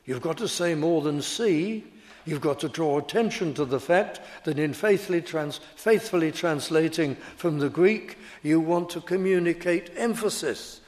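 A man preaching an expository sermon, deliberate and emphatic, leaning hard on key words. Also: a little high, a little mellow. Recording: long reverb of a large hall.

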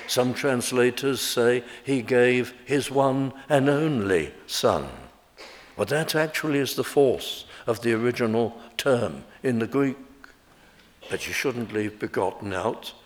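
A man preaching a sermon, slow and emphatic, rising in pitch and force on key words. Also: long reverb tail.

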